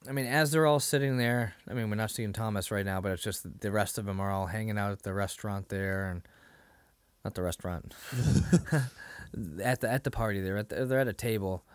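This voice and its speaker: A man co-hosting a podcast, casually recapping a TV episode and acting out the characters' lines in quick little voices. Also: fairly low pitch, no room sound. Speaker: podcast co-host.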